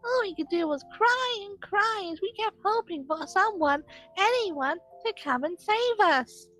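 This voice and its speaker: A woman's voice: extremely high pitch, animated, measured pace, fairly bright tone, soft background music, voice pushed up, full character voice. A woman voicing shy, sweet young catgirl twins in a fan dub of a visual novel, reading with meows between lines. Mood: tender.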